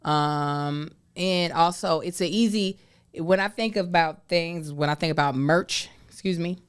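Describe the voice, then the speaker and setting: A woman's voice: on the low side, measured pace, clean tone. A woman co-hosting a podcast, explaining things at length in casual talk. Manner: explains at length, with fillers and restarts. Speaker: podcast co-host. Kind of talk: casual chat.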